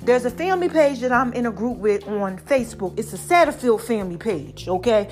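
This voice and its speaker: A woman hosting her podcast in a casual, animated monologue, a little short of breath and calling her listeners baby. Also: a little high, a little fast, faint music behind. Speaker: podcast host.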